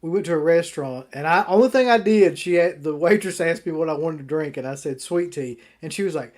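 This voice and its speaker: High-voiced man telling stories. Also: normal speed. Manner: animated storyteller, laughs often. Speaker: podcast guest. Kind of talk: casual interview chat.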